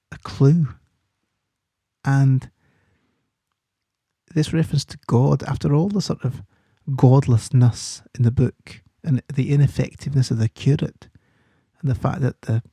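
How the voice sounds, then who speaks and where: A male teacher talks through a set text in an explanatory way, stopping to spell out key terms letter by letter. His voice is very dark and gravelly with a husky edge. The recording is dry and close, with no room sound. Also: mid-range voice, dry recording. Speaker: literature teacher. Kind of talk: study-guide podcast explanation.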